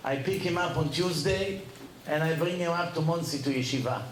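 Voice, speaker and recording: A man giving a Torah lecture as a lively storyteller who laughs at his own tales. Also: a little high, a little fast, slight background noise. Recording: echoey room with faint ambience.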